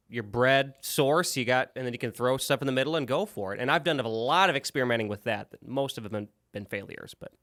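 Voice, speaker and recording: A man's voice: mid-range voice, a bit bright. A man co-hosting a podcast, talking in an easygoing, rambling way with hesitations. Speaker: podcast co-host. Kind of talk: casual chat.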